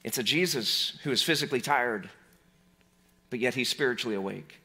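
A male pastor preaching a sermon in a conversational way, with playful asides and animated re-enactments of scenes. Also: medium pitch, moderate pace.

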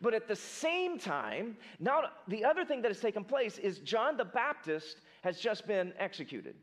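A young adult man preaching a casual sermon, telling a Bible story in a lively, conversational way and acting out the characters in everyday speech. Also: high-pitched, moderate pace. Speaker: pastor.

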